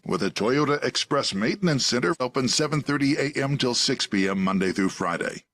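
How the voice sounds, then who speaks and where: A man reading a sponsor announcement for a radio station in a steady, even delivery. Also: mid-range voice, breathy edge, no echo, studio quality.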